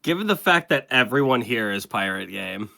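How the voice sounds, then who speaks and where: Very bright, lively young male player. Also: medium pitch, normal speed, gravelly. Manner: playful, jokey, laughs easily. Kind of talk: casual tabletop game play.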